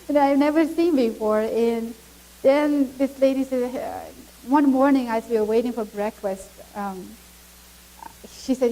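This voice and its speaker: A middle-aged woman from Mongolia with a Mongolian accent, giving a church testimony as an animated storyteller who laughs often. English is not her first language. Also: sits high, takes it slowly, rough recording. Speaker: guest speaker.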